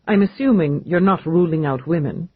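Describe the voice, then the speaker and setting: A man doing a smooth, teasing rich man. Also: fairly high pitch, moderate pace, no room sound, narrow, tinny audio. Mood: calm. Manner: calm, dryly amused.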